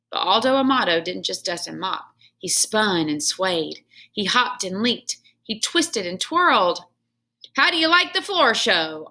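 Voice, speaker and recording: A woman's voice: fairly low pitch, creaky. A woman reading a children's book aloud at home, telling it expressively as a storyteller. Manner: expressive storytelling with home asides to her son. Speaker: reader.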